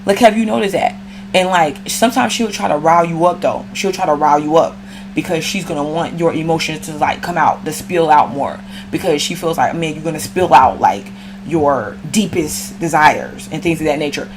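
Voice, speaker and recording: A woman with a fairly low voice gives a casual astrology reading. She talks in a loose, slangy, chatty way and speaks straight to her listener, with a faint hum behind her. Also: normal speed. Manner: slangy, chatty, addresses viewer directly. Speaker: astrology reader.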